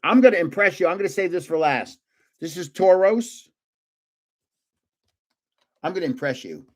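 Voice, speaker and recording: A man's voice: high-pitched, lively intonation, normal speed. An older man hosting a casual live stream, chatting and joking as he guesses card names aloud. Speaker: livestream host opening trading cards.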